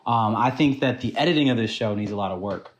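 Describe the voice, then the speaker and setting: A man's voice: on the low side, fast. A man co-hosting a podcast, talking animatedly and picking apart the story's logic. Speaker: podcast co-host. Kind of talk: casual chat.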